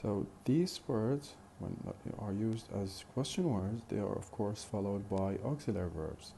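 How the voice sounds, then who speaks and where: A man teaching a phonetics lesson in a slow, deliberate way, repeating example questions. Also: fairly low pitch, gravelly, dark tone, slight background noise. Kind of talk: recorded lecture.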